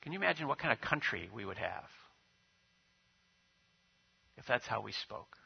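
A man's voice: mid-range voice, sing-song, normal speed, gravelly, breathy edge, muffled recording. A man preaching a sermon as pastor, telling stories, then leading prayer and liturgy. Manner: storytelling with acted quotes, leading prayer and liturgy.

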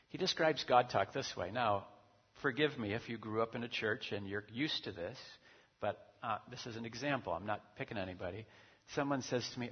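A husky-voiced male pastor preaches in a loose, conversational way, stopping often to check in with his listeners. His voice sits at an ordinary pitch. It carries a long reverb tail from a large hall, and the recording sounds dull and muffled. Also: moderate pace. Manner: conversational, chatty preaching with many asides. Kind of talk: sermon.

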